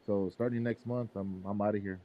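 Low-voiced blunt man telling stories. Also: fairly even intonation, a little fast, highs cut off. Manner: blunt, profane storytelling. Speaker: podcast co-host. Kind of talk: casual group chat. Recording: faint background noise.

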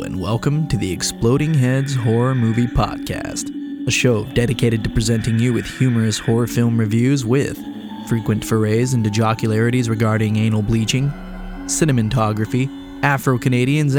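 A man's voice: mid-range voice, normal speed. A man opening a podcast as guest host in a playful, mock-grandiose scripted intro. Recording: music bed behind the voice.

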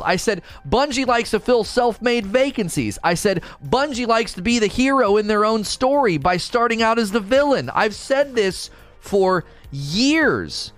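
Young male streamer, fired-up rant, lively swooping delivery, fairly high voice, faint music underneath. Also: measured pace. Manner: animated, indignant ranting with mocking quoted voices. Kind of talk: casual livestream rant.

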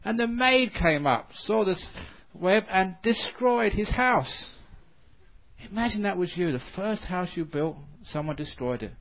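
A man, a Buddhist monk, giving a dharma talk with lively storytelling and frequent laughter. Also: sits high, unhurried, highs cut off. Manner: animated storyteller, laughs often.

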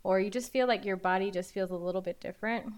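A woman in her late twenties co-hosting a casual discussion. She explains each point in a measured, steady way. Her pitch sits in an ordinary middle range. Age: late 20s. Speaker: podcast co-host.

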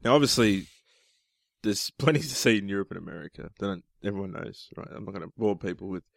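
A man's voice: lowish voice, expressive, fast, creaky, no room sound. A man chatting on a podcast, telling stories in a rambling way and laughing often. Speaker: podcast co-host. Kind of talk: casual chat.

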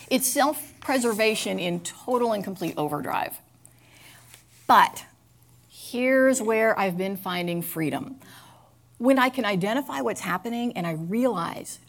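Earnest woman speaking candidly. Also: fairly high pitch. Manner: confessional, earnest, halting with fillers. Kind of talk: candid personal talk.

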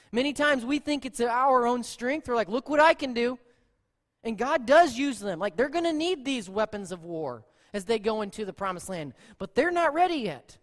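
A pastor preaching a sermon in a conversational, animated way, acting out quoted lines. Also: mid-range voice. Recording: long reverb in a large hall.

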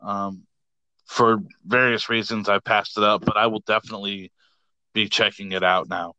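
A man co-hosting a casual podcast, easygoing and agreeable with some halting restarts. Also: fairly low pitch, fairly even intonation, pushed and bright, dry recording, rough recording. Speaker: podcast co-host. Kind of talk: casual chat.

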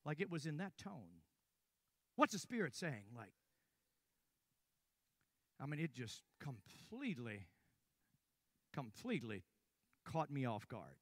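An older man preaching a sermon, telling a story with hushed stretches and sudden loud bursts. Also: mid-range voice, sing-song, slow pace, pauses often, dry recording, clean studio sound.

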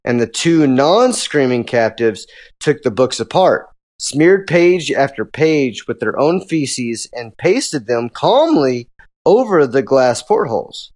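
A man's voice: mid-range voice, sing-song, slow, a little mellow. Chatty man retelling a creepy story. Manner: laughs often, rambling with many "so" fillers. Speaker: podcast co-host. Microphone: studio microphone.

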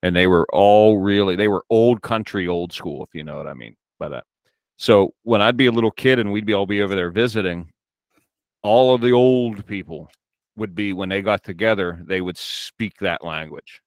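A fairly low-voiced American man talking casually on a podcast, easygoing and a little rambling as he tells a story. The recording is dry and close, with no room sound. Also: normal speed, no room sound. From United States. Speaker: podcast host.

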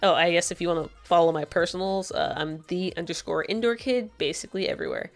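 A woman's voice: on the low side, fast, faint music behind. A woman guesting on a podcast, chatting casually and telling a long joke. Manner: relaxed, chatty, with fillers and laughter.

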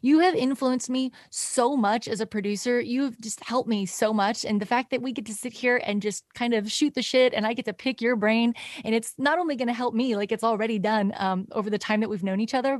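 Woman podcast host, super enthusiastic and gushing, higher voice, dry close sound. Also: dry recording. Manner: gushing, enthusiastic, laughs a lot. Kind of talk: casual interview chat.

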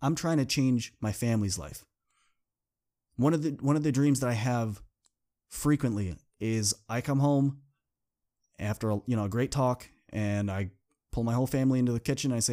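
A man's voice: medium pitch, normal speed, dark tone. A young man hosting a podcast, speaking earnestly in a motivational monologue that builds into impassioned repetition. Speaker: podcast host.

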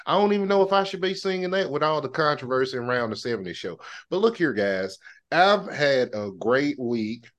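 A man's voice: mid-range voice, animated, a little fast. A man co-hosting a podcast, talking in a drawling, folksy way with stammered restarts. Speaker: podcast co-host. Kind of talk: casual chat.

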